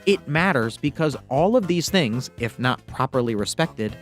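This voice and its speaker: A man's voice: medium pitch, animated, normal speed, soft background music. A man giving scripted narration for a video essay, with enthusiastic, opinionated commentary.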